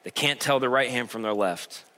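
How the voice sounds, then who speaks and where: A man's voice: mid-range voice, normal speed, bright, forceful tone, close to an everyday voice. A man voicing God as a patient, fatherly male figure who asks a sulking prophet earnest questions. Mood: gentle. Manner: earnest, pleading rhetorical questions.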